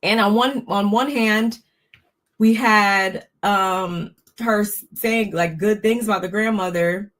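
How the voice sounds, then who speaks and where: A woman's voice: medium pitch, takes it slowly, a bit bright. Woman doing a chatty reality tv recap, opinionated, keeps restarting her sentences. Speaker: recap host.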